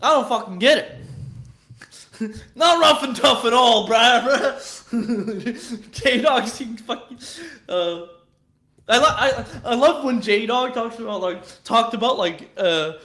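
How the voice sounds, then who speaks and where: A man's voice: very high-pitched, lively intonation, takes it slowly, bright, forceful tone. A man hosting his own channel, chatting casually in a rambling, profane way, laughing a lot between thoughts. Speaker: channel host.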